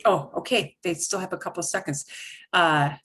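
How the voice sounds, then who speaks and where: A woman's voice: on the low side, normal speed, fairly bright tone, slight background noise. A woman teaching a beginner Spanish class over a video call, patiently modeling words for students to repeat.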